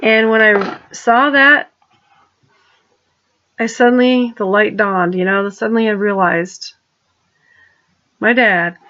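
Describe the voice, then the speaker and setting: A woman's voice: medium pitch, fairly even intonation, slow, pauses often, pushed and bright, dull audio. A woman talking in a rambling personal monologue, restarting her sentences and turning pointed and accusing. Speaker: vlogger.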